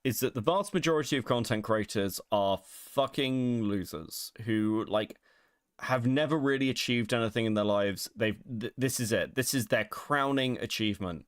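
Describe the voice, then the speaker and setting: Man hosting, wry commentary, mid-pitched, dry close sound. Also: moderate pace, dry recording. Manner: wry, laughing, swears casually. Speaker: host. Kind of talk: casual commentary.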